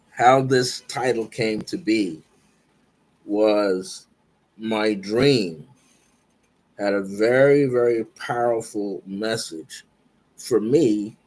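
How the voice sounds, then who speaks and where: Slow, earnest man telling a spiritual dream. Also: fairly low pitch, a little mellow. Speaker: guest speaker. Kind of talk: spiritual storytelling.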